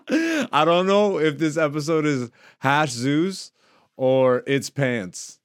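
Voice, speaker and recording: A man hosting a casual comedy podcast, laughing, swearing and joking, high and relaxed. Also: extremely slow, pauses often, clean tone, dry recording, studio quality. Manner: animated, swearing, laughing a lot. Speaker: podcast host.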